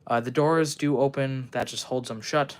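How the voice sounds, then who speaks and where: A young livestream host chats casually at his workbench, showing off a model he built. His voice is mid-range, steady, and clean, and he talks fast and rambles, full of ums and restarts.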